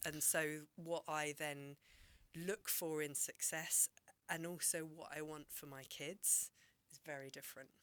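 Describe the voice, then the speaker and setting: Low, bright, clear woman. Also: fairly even intonation, unhurried. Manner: thoughtful and reflective, trailing into soft near-whispers. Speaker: guest, GP doctor. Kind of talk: candid podcast conversation.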